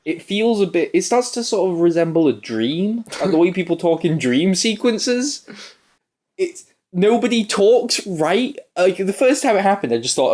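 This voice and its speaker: A man's voice: fairly high pitch, animated, normal speed, darkish tone. A young man from the UK on a film review podcast, animatedly retelling scenes and laughing as he talks. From United Kingdom. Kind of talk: casual chat.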